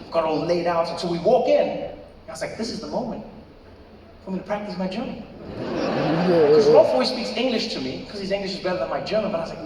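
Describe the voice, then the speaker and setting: High-voiced comedian in an echoey arena. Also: male voice, noisy background. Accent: South African. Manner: storytelling, acts out voices, shouts punchlines. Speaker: stand-up comedian. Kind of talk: stand-up set. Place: large arena on stage. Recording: echoey arena from far off, crowd laughter.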